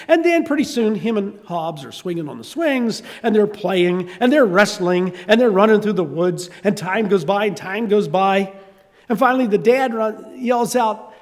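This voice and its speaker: An older Southern man, a pastor, preaches a sermon in a large hall, his voice sitting high at a normal speed. He tells stories with animation and acts out the voices of his characters.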